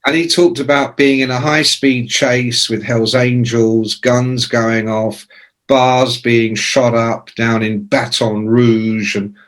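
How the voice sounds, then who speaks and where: A man in his sixties, a rock journalist telling profane, lively anecdotes as a podcast guest. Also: mid-range voice, takes it slowly. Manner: lively, profane, acts out quoted voices. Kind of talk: anecdotal storytelling in a podcast interview.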